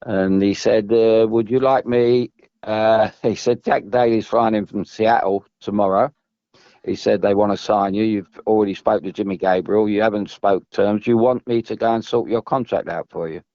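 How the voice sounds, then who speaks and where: A man's voice: lowish voice, steady tone, normal speed, warm tone, no echo, muffled recording. A man, a former footballer telling long, meandering stories as a podcast guest, restarting and repeating himself. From England. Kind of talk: rambling storytelling.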